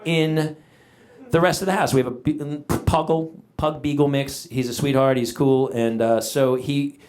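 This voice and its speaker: A middle-aged male comedian telling an animated story on a live stage, shouting out the voices of himself and his dog. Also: on the high side, unhurried. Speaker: stand-up comedian. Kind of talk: stand-up comedy set. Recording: live stage recording with audience noise. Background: audience laughter.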